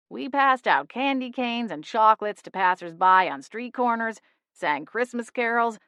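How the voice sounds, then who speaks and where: A woman reading a first-person audiobook in a lively storytelling manner. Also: medium pitch, no echo. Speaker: audiobook narrator.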